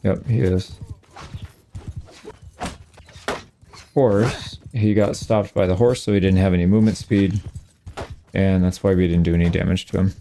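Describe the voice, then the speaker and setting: A man with a low, mellow voice talks through his own gameplay in a laid-back, wry way. He gives casual let's-play commentary and reacts dryly as things go wrong. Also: steady tone, unhurried, long pauses, slight background noise.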